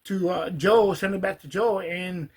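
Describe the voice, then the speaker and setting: A man's voice: high voice, steady tone, a little slow, breathy edge. A man, a rap artist hosting a podcast, casually telling a studio story with many restarts and fillers.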